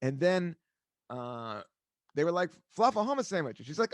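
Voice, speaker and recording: Animated rambling man, dry close mic. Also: sits high, fairly quick, no echo. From United States. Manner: rambling storyteller, swears freely, acts out quotes. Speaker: podcast host. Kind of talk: casual chat.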